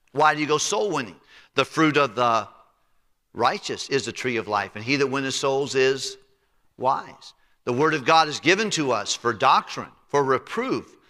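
A pastor preaching in a church sanctuary, his voice fairly high and forceful, with a bright, pressing edge. He preaches emphatically and drops low and soft on the words he wants to land. The sound rings out in a long, reverberant church hall. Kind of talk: sermon.

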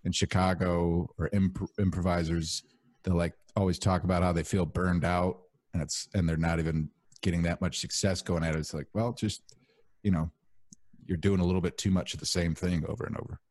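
A young man hosting a podcast, chatting casually in a relaxed, rambling way with lots of fillers. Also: low voice, brisk, no room sound. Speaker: podcast host.

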